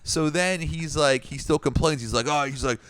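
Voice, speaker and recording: A man's voice: a little high, normal speed, fairly bright tone, clean tone, dry recording. A man in his thirties co-hosting a podcast, telling a casual story in a rambling way with frequent restarts. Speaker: podcast co-host.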